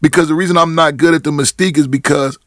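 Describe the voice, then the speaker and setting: A man's voice: on the high side, fairly even intonation, fast talker, no room sound, clean studio sound. A middle-aged man from Portland, a rapper talking as a podcast guest in casual chat, telling stories with many restarts and acted-out quotes. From Portland, Oregon.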